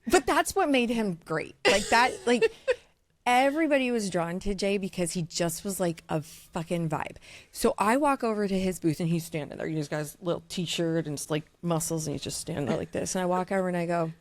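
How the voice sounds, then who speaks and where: A woman from Iowa, a diamond dealer, telling a story in casual podcast chat, blunt, profane and fast-talking. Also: on the low side, lively intonation, no echo. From Iowa, USA.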